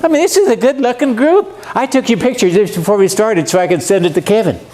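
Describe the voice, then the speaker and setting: A man's voice: sits high, lively intonation, fast, a little mellow. A man in his seventies, a guest preacher giving a seminar sermon in a church, folksy and joking, often putting questions to his audience. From USA. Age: 70s. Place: church meeting room.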